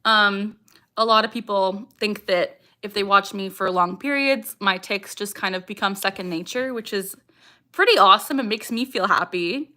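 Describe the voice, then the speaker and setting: This young adult from Canada hosts a relaxed livestream, talking with her audience and reading comments out loud, and vocal tics keep cutting into what she says. Her voice is medium-pitched and sharp-toned, and she speaks at a moderate speed.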